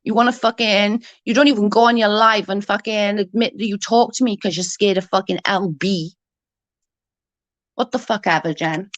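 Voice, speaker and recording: A woman's voice: medium pitch, fairly even intonation, normal speed, no room sound. A young adult woman ranting heatedly in casual chat, swearing often and restarting her sentences. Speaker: livestream guest.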